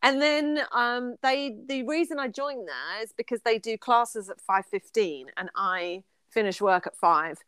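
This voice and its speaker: A woman in her forties co-hosts a podcast in an easy, chatty way, laughing as she goes. Her voice is smooth and clear. The recording is dry and close to the mic. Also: fairly high pitch, animated, unhurried, hardly any pauses, fairly bright tone, no room sound. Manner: chatty, laughs often, sings snatches of songs. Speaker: podcast co-host. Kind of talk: casual chat.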